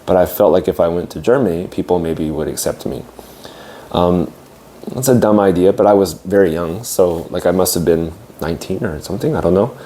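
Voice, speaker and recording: A young man with a deep voice recounts his path to teaching in a relaxed, thoughtful monologue. His tone is warm and mellow, and he often pauses, hesitates and restarts his sentences. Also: a little hiss or hum. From United States. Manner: reflective, hesitant with fillers and restarts. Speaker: English teacher. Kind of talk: casual storytelling monologue.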